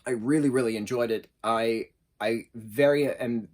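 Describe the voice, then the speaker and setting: A man in his thirties talks through a book review in a loose, conversational way. He is enthusiastic and quick to restart his sentences, with a sarcastic streak in how he speaks. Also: medium pitch. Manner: chatty, excitable, with frequent restarts and fillers. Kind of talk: casual spoken book review.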